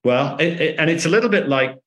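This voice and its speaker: A man being interviewed as an author, telling lively anecdotes and acting out the dialogue in them. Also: on the high side, fairly quick, muffled recording. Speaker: author and guest. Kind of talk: conversational storytelling interview. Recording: echoey room.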